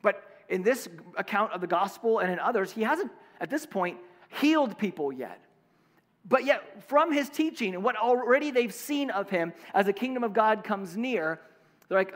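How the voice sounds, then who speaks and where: High-voiced man preaching in a hall. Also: animated, moderate pace, a bit bright. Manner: conversational, many fillers and restarts. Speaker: pastor. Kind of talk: sermon.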